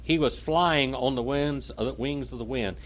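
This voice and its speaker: A man's voice: medium pitch, moderate pace, a bit bright. A man preaching, reading a long text aloud with dramatic emphasis and stopping to explain it, sometimes tripping over hard words.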